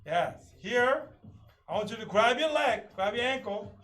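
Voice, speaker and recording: A man teaching a live online taekwondo class, calling kick counts and drills with sharp shouts. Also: very high voice, animated, unhurried, distant mic, soft background music. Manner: coaching commands, loud kiai shouts. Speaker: taekwondo instructor. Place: training studio.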